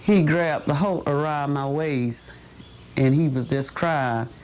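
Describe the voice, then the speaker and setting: A woman's voice: deep voice, unhurried, darkish tone. A woman, a mother, recalling a visit to her jailed son. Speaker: mother of a defendant. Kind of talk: interview recollection.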